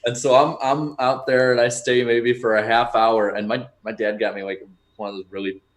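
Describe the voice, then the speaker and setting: A man's voice: mid-range voice, level tone, normal speed. Young man telling a rambling story. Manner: rambling with restarts and fillers. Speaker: podcast host. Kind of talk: casual chat, storytelling.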